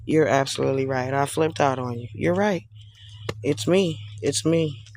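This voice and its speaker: A man's voice: medium pitch, normal speed, darkish tone, a little hiss or hum. A man on a live stream, sarcastically repeating himself in an exasperated rant at someone who accused him.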